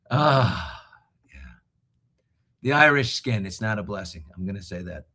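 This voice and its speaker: A man's voice: fairly low pitch, measured pace, long pauses. A middle-aged man hosting a live talk show from a hotel room, chatting casually and joking a lot. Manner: jokey, animated, laughs a lot. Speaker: host.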